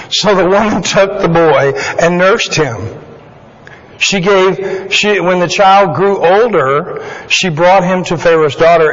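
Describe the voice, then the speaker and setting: A man leading a Bible study in a chatty, conversational way, full of joking asides and digressions. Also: a little high. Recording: dull lo-fi sound with long hall reverb.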